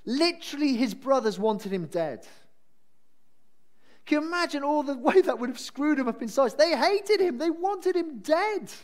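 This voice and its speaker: A man preaching a sermon in a chatty, self-deprecating and animated way. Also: very high voice, normal speed.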